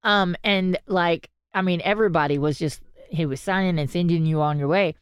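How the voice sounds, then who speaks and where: A woman chats away on her podcast, spinning a long tale and slipping into the voices of the people in it. Her voice sits very low, and the recording is close and dry with no room sound. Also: normal speed, smooth, no echo. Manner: chatty storyteller, animated quoting. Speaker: podcast co-host. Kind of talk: casual chat.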